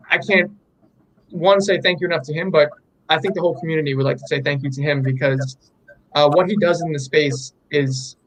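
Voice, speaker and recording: A man's voice: fairly high pitch, fairly bright tone, poor audio. A young man, an artist being interviewed, telling a story in an enthusiastic, rambling way with many fillers. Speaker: artist guest. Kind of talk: candid interview chat.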